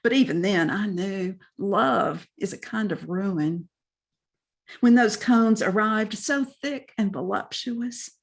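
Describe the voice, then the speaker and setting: Slow, breathy Southern woman reading poetry. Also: medium pitch. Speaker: poet. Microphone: video call.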